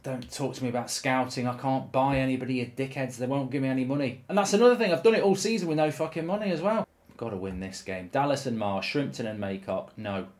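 A man's voice: mid-range voice, animated, quick pace, a little mellow. A man hosting his own channel, giving live commentary over a football management game, full of ranting, swearing and exasperated outbursts. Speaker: gaming YouTuber host.

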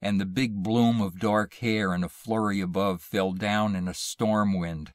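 A man slowly reading a horror short story aloud in a measured, hushed way. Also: lowish voice, fairly even intonation, dry recording. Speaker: narrator. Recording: dry close mic, audio only.

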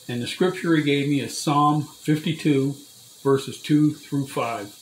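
A man with a somewhat high voice reads a prophetic message in a slow, solemn, measured way. He hosts his own channel. The recording sounds echoey, with faint noise behind him. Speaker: channel host sharing prophecy.

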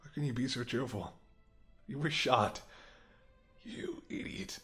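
A man voicing a protective male bodyguard who is anxious and tender toward his lover, in a soft, gently scolding whispered role-play. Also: medium pitch, animated, moderate pace, faint music behind, close to an everyday voice. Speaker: voice actor.

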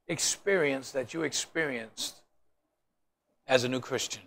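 Gravelly man teaching Bible study. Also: medium pitch, a little slow, pauses often, a bit bright. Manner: joking, storytelling, asks the group questions.

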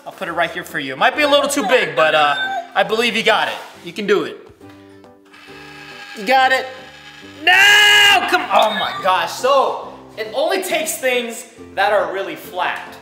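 A man's voice: high voice, normal speed. Guy doing a toy unboxing, super bouncy voice, coaxing and begging the toy, echoey room w music behind. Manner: animated, teasing and pleading with a toy. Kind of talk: playful unboxing vlog.

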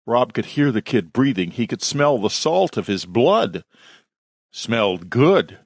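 A man reading his own horror story aloud in a slow, measured narration. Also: mid-range voice, very animated, no echo, clean studio sound.

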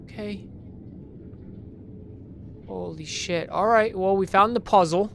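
A man's voice: sits high, slow, gravelly, a little hiss or hum. Jumpy man playing a horror game. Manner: jumpy, swears when startled, reads in-game notes aloud. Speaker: let's play gamer. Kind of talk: horror game let's play commentary.

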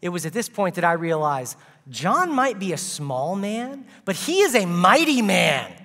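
Lively bright-voiced man preaching in a hall. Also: high voice, measured pace. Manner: animated, comic storyteller with playful asides. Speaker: guest preacher. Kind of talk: sermon with humorous storytelling.

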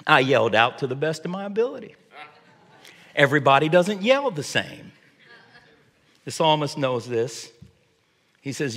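A pastor delivers a sermon in a high, light voice for a man. His words carry a long reverb, as in a large church sanctuary. He often doubles back and restarts his phrases as he preaches. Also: lively intonation, moderate pace, fairly bright tone.

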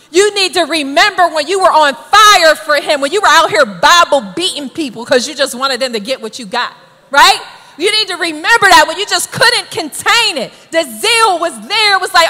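A woman preacher delivering an emphatic, exhorting sermon that builds to shouted calls to the congregation. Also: very high-pitched, lively intonation, moderate pace, in a large hall.

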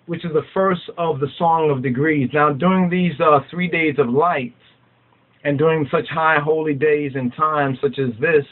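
A man preaching and reading psalms aloud, often repeating "you know what I'm saying" and drawing verses out slowly. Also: medium pitch. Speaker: Rastafari teacher. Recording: tinny phone-like sound.

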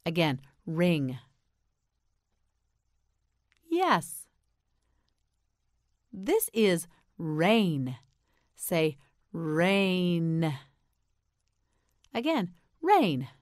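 A woman with an American accent teaching English pronunciation, slowly enunciating and repeating words for learners to say back. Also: on the low side, no room sound, clean studio sound. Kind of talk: slow drilled vocabulary lesson.

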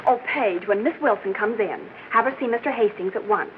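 An actress playing a young receptionist who speaks softly and politely in a 1940s film. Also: female voice, medium pitch, brisk, natural voice. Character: young female receptionist, shy then pert. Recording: tinny 1940s film soundtrack with hiss.

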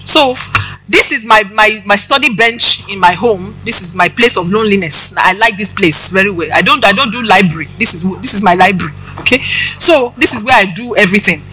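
A woman's voice: medium pitch, fairly quick, pushed and bright, faint music behind, rough recording. A woman preaching, giving a personal testimony and addressing the congregation directly with questions.

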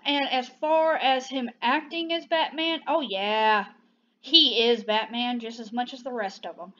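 A woman's voice: sits high, muffled recording. A young woman, chatting casually and gushing playfully as a movie reviewer on her own channel.

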